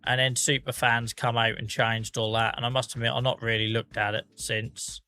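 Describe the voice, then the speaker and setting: A man's voice: mid-range voice, little pitch movement, moderate pace, bright, forceful tone, clear, resonant tone, faint music behind. A man hosting a game livestream, chatting casually and self-mockingly as he reads out viewer comments. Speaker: livestream host. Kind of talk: casual chat with viewers while gaming.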